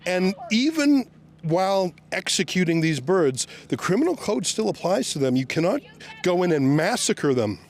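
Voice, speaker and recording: A man reporting on location outdoors, sarcastically shouting questions at police officers. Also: high voice, sing-song, normal speed. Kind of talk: on-the-scene questioning.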